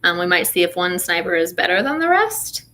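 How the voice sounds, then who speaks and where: A woman's voice: lowish voice, brisk. Chatty woman telling a story. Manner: animated storytelling with frequent fillers and laughs. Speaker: author talking to readers. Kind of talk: casual ranting chat.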